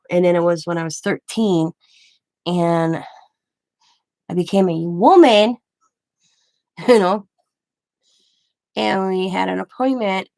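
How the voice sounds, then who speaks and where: A woman's voice: lowish voice, vocal fry, a little mellow, no room sound. A middle-aged woman hosting a craft channel, chatting casually and rambling through stories while she works. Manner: rambling, storytelling with restarts.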